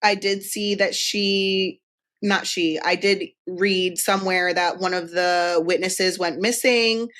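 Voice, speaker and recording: A woman's voice: lowish voice, steady tone, slow, a bit bright. A woman hosting a podcast who talks in a blunt, frank way and swears without a second thought. She sounds tired, and she switches between casual chat and reading ads. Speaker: podcast host.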